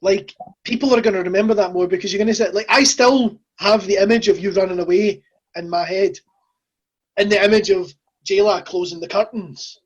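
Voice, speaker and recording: A Scottish woman hosts a relaxed chat, joking and quick with asides. Her voice is husky and sits mid-range. The sound is dull and lo-fi. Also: medium pitch. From Scotland. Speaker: host. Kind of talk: casual interview chat.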